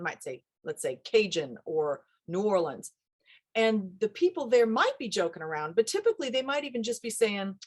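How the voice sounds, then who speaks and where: A woman dialect coach talking casually in an interview, animated and acting out little quoted voices as she explains. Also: medium pitch. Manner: animated, acts out quoted voices, laughs often.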